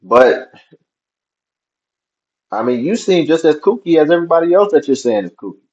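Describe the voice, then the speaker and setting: A man's voice: a little high, sing-song, normal speed, darkish tone, low-quality recording. A man commenting on a video clip, skeptical and questioning, with a wry edge. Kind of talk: reaction commentary.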